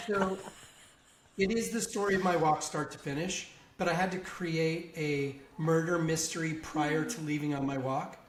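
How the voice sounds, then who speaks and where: Animated man telling a story in an echoey room. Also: fairly high pitch, a little hiss or hum. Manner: animated anecdote-teller who laughs along. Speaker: podcast guest. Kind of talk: casual storytelling.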